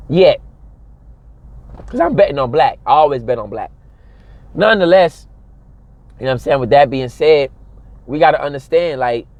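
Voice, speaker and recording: High-voiced emphatic man. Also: no echo. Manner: emphatic and preachy, repeats phrases for stress. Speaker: vlogger. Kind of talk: casual commentary monologue.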